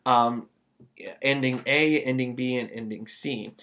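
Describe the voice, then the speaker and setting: A man co-hosting a casual film review podcast, rambling with restarts and fillers, then animated when he acts out lines. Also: medium pitch, measured pace. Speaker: podcast co-host. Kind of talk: casual movie review chat.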